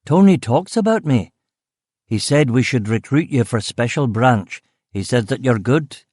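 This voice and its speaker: A man's voice: mid-range voice, lively intonation, unhurried, a little mellow, dry recording, clean studio sound. A man voicing a grizzled, blunt detective chief of about fifty, with a faint Scottish accent. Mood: gruff, weary. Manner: blunt, gruff, swearing.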